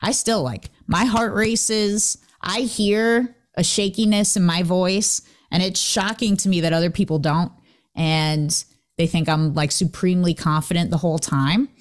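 A woman hosting a casual motivational talk, lively and laughing often as she acts out what people said. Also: on the low side, unhurried. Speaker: host.

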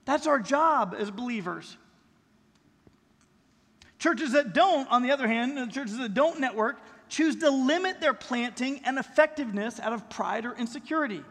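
A man's voice: extremely high pitch, animated, moderate pace, fairly bright tone. A middle-aged man preaching a sermon as pastor, in a conversational style that leans on rhetorical questions. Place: church sanctuary. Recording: long reverb in a large hall.

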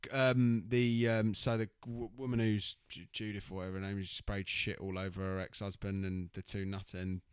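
A man's voice: fairly low pitch, level tone, normal speed, hardly any pauses, clear, resonant tone, no echo, clean studio sound. A man recapping a film in casual chat, laughing, swearing and acting out quotes.

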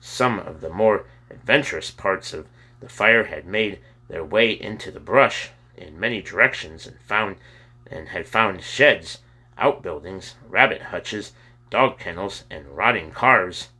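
A man reading a children's novel aloud with steady storytelling. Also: deep voice, unhurried, breathy edge. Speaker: audiobook narrator.

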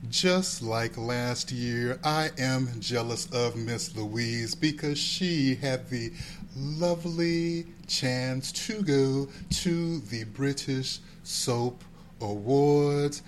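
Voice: medium pitch, drawn-out words, a little hiss or hum. A podcast host in casual chat, playful and teasing, drawing out their words.

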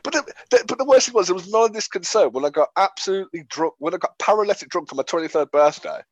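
A man, telling stories in a casual chat, animated and laughing often. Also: sits high, fast, no room sound, dull audio. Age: 20s. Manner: animated storyteller, laughs often, acts out quotes.

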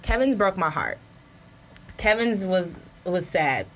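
A woman co-hosting a casual discussion, telling a story in a lively way. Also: lowish voice, takes it slowly, slight background noise. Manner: animated storyteller. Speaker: podcast co-host.

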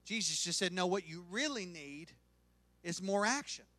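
A man's voice: high-pitched, animated, normal speed, bright, forceful tone, no room sound. A male pastor preaching a sermon with emphatic, swelling delivery, acting out quoted prayers and speech.

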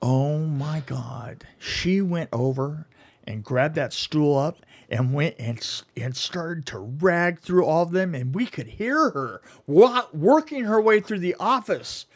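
A man's voice: a little high, lively intonation. A man co-hosting a podcast, telling a long rambling story in casual chat, stumbling over words and laughing often. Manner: rambling, halting, laughs a lot. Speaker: podcast co-host.

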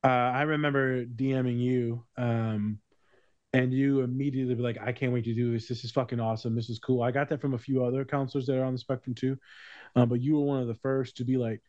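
A man's voice: mid-range voice, flat delivery, fast talker, a little mellow, dry recording, dull audio. A man hosting a podcast in casual chat, swearing freely and telling stories with a laugh. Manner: profane, laughing storyteller. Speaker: podcast host.

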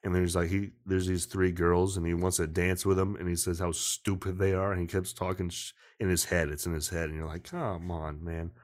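A man's voice: sits low, flat delivery, fairly quick, hardly any pauses. A man hosting a podcast over a video call, rambling casually, swearing often and cutting himself off mid-sentence. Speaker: podcast host.

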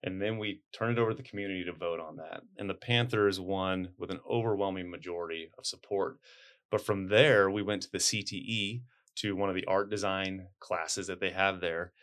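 Upbeat low-voiced man. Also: steady tone, brisk, fairly bright tone. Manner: upbeat and chatty, with joking asides. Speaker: high school principal. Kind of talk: casual interview talk.

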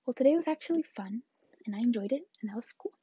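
A woman's voice: fairly high pitch, animated, fast, warm tone, breathy edge, dry recording, muffled recording. An eighteen-year-old woman chatting through a rambling vlog story, often dropping into whispered asides. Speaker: vlogger.

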